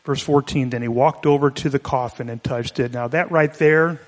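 Male pastor, conversational sermon, mid-pitched voice, long reverb of a church hall. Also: steady tone, moderate pace. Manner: conversational, explanatory, with restarts.

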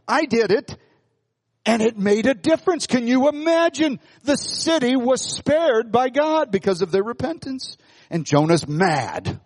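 A male pastor preaches in a high voice that swings widely in pitch. He talks to his congregation conversationally, throwing them questions. The sound carries the long reverb of a large hall. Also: big pitch swings, a little slow. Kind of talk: sermon.

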